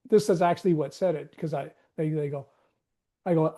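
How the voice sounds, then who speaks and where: Rambling man with a mellow voice. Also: on the high side, moderate pace. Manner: rambling, self-questioning, acts out inner dialogue. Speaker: webinar participant. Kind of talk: casual group discussion.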